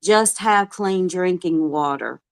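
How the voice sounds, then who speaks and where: Guest, woman, lowish voice, very slow pace, earnest and heartfelt. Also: clear, resonant tone, no room sound. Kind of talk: casual livestream chat.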